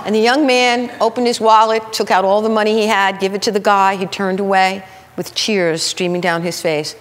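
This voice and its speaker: A woman minister telling stories in a sermon, acting out the people in them with lively shifts of voice. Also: medium pitch, a little fast, long reverb tail. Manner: animated, acts out the people in her stories. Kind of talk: storytelling sermon. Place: spiritual center sanctuary.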